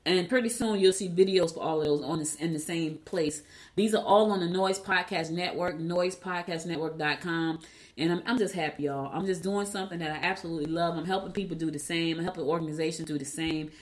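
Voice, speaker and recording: A woman's voice: fairly low pitch, fairly quick. A woman raised in New Jersey hosting a casual solo podcast, chatty and repeating herself as she retells conversations. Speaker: podcast host.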